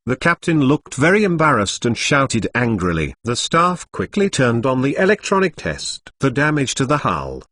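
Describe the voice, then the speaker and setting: A man's voice: mid-range voice, very animated, moderate pace, few pauses, fairly bright tone, dry recording. A machine-made male voice narrating a novel in a stilted cadence, reading punctuation marks aloud. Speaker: audiobook narrator.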